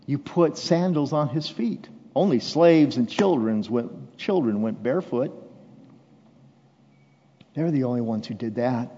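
A man preaching a sermon as pastor, shifting from hushed, intimate lines to loud, impassioned declarations. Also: medium pitch, animated, unhurried. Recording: dull sound with long hall reverb.

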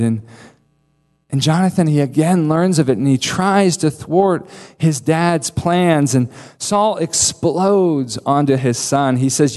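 A man preaching a sermon, emphatic and earnest, with dramatic pauses. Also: on the high side, darkish tone. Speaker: pastor. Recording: long reverb of a large hall.

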